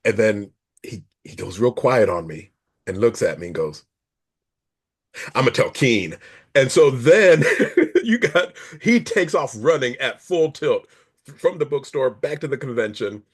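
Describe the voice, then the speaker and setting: A man's voice: medium pitch, lively intonation, measured pace, husky. A middle-aged man, an author being interviewed, telling long stories in a rambling, self-correcting way and laughing along as he goes. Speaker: author guest. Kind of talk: casual interview storytelling.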